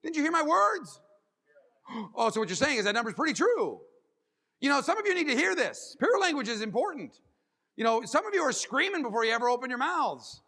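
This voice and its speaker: Animated motivational speaker man, lively and bright. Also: very high voice, brisk, in a large hall. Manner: animated, acts out scenes and voices. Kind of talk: keynote speech. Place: large conference hall.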